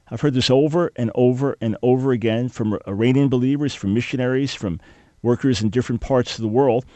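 Male radio host, mid pitch, dry close studio sound, earnest and emphatic. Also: mellow, dry recording. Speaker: radio talk show host. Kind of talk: talk radio hosting.

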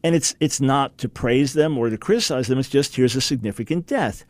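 A middle-aged man preaching on a broadcast, telling stories in a lively way and acting out the people he quotes. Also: fairly quick, no echo. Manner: animated storytelling, acts out quoted people with big pitch jumps.

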